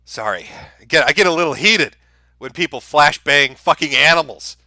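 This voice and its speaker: A man's voice: on the high side, expressive, moderate pace, bright, forceful tone, no room sound. A man hosting a live-stream commentary, ranting in a heated, profane and sarcastic way. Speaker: streamer host.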